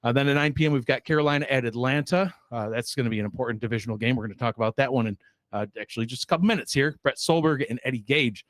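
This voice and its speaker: A man's voice: medium pitch, racing, fairly bright tone, no echo. A man hosts a sports show, chatting casually in a medium voice that rambles and pokes fun at himself. The sound is dry and close, with no room around it. He stacks fillers as he runs through the schedule. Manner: rambling, self-deprecating, lots of fillers. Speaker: show host.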